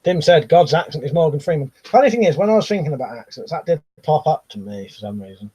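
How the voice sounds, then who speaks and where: A British man hosting a casual live stream, reading out viewer comments and chatting with a laugh, often trailing off into quiet asides. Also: on the high side, very animated, quick pace, husky, low-quality recording. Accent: British English. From Britain.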